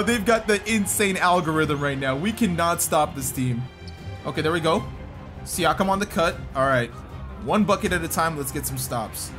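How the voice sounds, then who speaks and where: A young man giving excitable commentary over a basketball video game, often yelping and shouting at plays. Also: fairly high pitch, moderate pace. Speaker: gaming YouTuber. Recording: game music playing behind.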